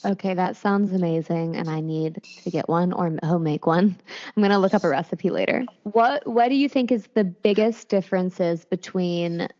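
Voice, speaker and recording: A woman's voice: on the low side, normal speed, darkish tone, muffled recording. A woman hosting a podcast, playful and enthusiastic as she interviews a guest. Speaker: podcast host.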